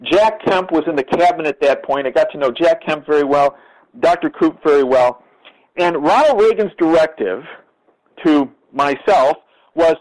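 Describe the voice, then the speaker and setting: Older male interview guest, emphatic storyteller, slightly higher voice, radio sound. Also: animated, moderate pace, rough recording. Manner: emphatic, repeats words when starting sentences.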